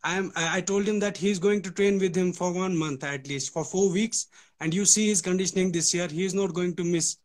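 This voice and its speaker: A man's voice: high voice, fairly quick. A man from Kashmir with an Indian accent, calling in to a live show, polite and eager, with many hesitations. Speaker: caller.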